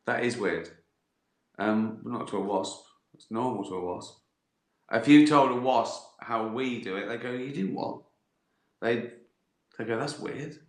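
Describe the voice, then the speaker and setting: A man's voice: fairly low pitch, unhurried, long pauses, reverberant. A middle-aged man with a West Country accent, chatting casually on a livestream, answering viewer questions with rambling, profane comic stories and giggles. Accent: West Country English. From West Country, England.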